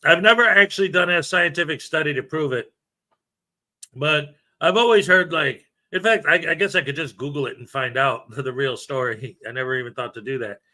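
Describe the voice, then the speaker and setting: Greeting viewers by name and tossing out jokes, a man keeps his livestream chat loose and casual. He speaks at a moderate pace in a fairly high, bright voice with a forceful edge.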